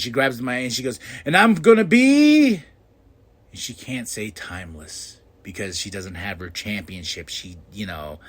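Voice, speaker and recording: A man hosting a podcast, giving an excitable casual recap of a show and acting out what people said in loud bursts. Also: lowish voice. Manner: excitable, acts out quotes with loud outbursts. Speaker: podcast host.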